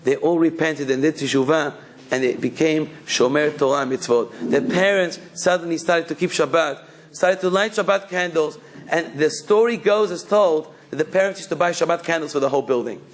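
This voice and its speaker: Male rabbi, sermon storyteller, slightly high pitch. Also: moderate pace. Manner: telling a story, then exhorting the listeners.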